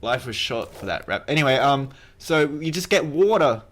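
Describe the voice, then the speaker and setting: A man's voice: mid-range voice, expressive, moderate pace. A man giving a casual, rambling game tutorial, cracking jokes and correcting himself as he plays. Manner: rambling, joking, self-correcting. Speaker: gaming video creator.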